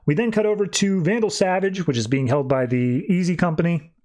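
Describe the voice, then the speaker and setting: A man's voice: high-pitched, a little fast, a little mellow. A man hosting a podcast, loosely retelling comic book scenes in casual chat, with lots of "like" and paraphrased lines. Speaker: podcast host.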